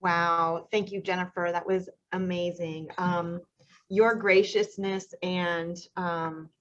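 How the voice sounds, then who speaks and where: A woman's voice: lowish voice, flat delivery, takes it slowly, highs cut off. A woman hosting a graduation ceremony, introducing teams and praising them with emotion. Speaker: event host.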